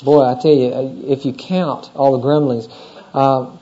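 Male pastor, mid-pitched and warm, working through scripture with asides to the congregation, dull lo-fi recording. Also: flat delivery, a little slow. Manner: conversational, asks the congregation questions. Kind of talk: expository sermon.

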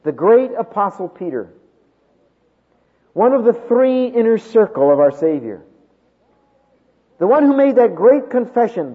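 A man preaching a sermon, with dramatic swings from loud emphasis to hushed tones. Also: high voice, sing-song, a little slow, long pauses, husky. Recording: tinny phone-like sound with long hall reverb.

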